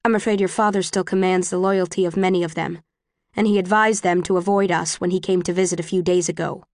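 A woman reading the lines of a cold, bitter middle-aged woman who leads rebels, in a cool, measured audiobook voice. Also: fairly low pitch, steady tone, a little mellow, no echo, clean studio sound, close to an everyday voice.

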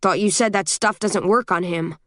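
A woman's voice: medium pitch, moderate pace, fairly bright tone, no room sound, clean studio sound, natural voice. A woman reading the part of an armed soldier, a man who is curt and impatient.

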